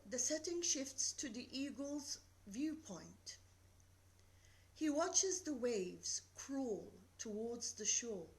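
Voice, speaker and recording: A woman giving a recorded literature lecture, reading verse slowly and deliberately and explaining it. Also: on the high side, rough recording.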